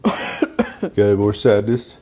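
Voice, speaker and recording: A man's voice: on the low side, sing-song, slow pace, darkish tone, a little hiss or hum. A man co-hosting a podcast in casual chat, joking and swearing, often restarting his sentences. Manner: jokey, swears, trails off and restarts. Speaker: podcast co-host.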